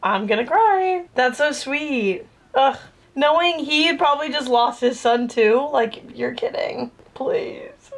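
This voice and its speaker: A woman's voice: high voice, steady tone, unhurried, vocal fry. A young woman, chatting casually in a reading vlog, ranting and swearing freely. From Southern US. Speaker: book vlogger.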